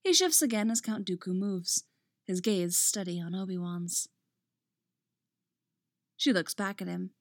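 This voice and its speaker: A woman reading a fan fiction story aloud as narrator, steady and expressive. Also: fairly low pitch, a little slow, long pauses, dry recording, studio quality.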